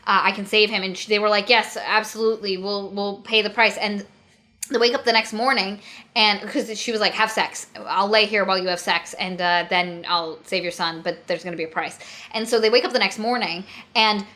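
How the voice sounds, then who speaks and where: A woman's voice: mid-range voice, brisk. Chatty woman retelling a book plot. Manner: animated retelling, acts out quotes, swears. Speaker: podcast co-host. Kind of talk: casual book-critique chat.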